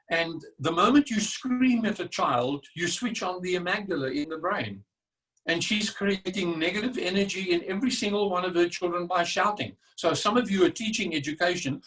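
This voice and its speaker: Older man giving an emphatic stress talk. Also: on the high side. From South Africa. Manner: emphatic, animated, acts out the brain's voice. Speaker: speaker. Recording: distant from the mic.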